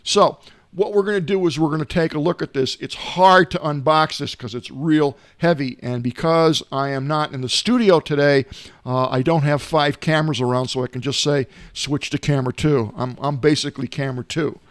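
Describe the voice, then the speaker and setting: Middle-aged man, tech show host, rambling folksy delivery, slightly high voice, dry close sound. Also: normal speed, no echo. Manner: rambling, folksy, many filler uhs. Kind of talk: casual tech gadget talk. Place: home, not in the studio.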